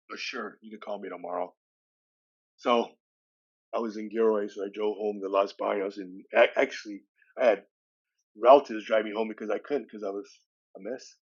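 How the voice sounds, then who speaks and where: A man's voice: fairly low pitch, dull audio. Older man telling a story. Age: 60s. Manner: lively retelling with acted-out dialogue. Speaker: podcast guest. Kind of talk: personal storytelling.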